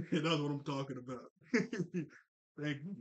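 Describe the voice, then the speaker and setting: A young man casually recapping a cartoon episode, chatty and quick to laugh, full of fillers and restarts. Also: on the high side, muffled recording.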